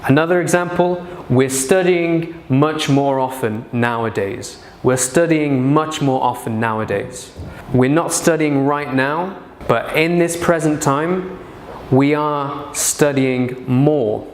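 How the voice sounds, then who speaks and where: A man teaching an English grammar lesson, speaking slowly and deliberately and repeating his example sentences. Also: medium pitch, roomy sound, a little hiss or hum.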